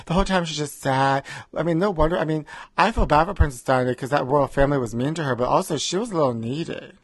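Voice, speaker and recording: A man with a voice on the high side talks at a quick pace while co-hosting a comedy podcast from home. The casual comedic chat is campy and gossipy, he calls his co-host honey, and the remote recording has no echo.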